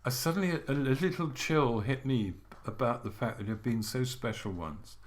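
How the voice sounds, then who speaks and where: An older man co-hosting a podcast, reminiscing in a relaxed, halting way with gentle humour. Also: medium pitch. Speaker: podcast co-host. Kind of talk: reflective casual chat.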